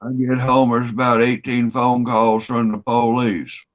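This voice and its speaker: Man, casual chat, profane rambling storyteller, muffled low-fi audio. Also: level tone, unhurried. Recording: dull lo-fi audio.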